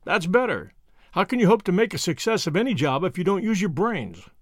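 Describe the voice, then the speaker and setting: A flippant, self-assured young Englishman taunts the people holding him, scornful and calm. A man reads him in an audiobook, his voice set a touch high and full of lively rises and falls, close and dry with no room sound. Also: fairly quick, dry recording. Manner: confident, mocking. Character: cool, flippant young Englishman bluffing captors.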